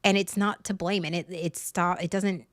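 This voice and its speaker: A woman's voice: lowish voice, fairly even intonation, normal speed, dry recording, studio quality. A woman, a mother hosting a livestream from home. She chats casually and rambles, with many fillers and restarts. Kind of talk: casual rambling chat to viewers.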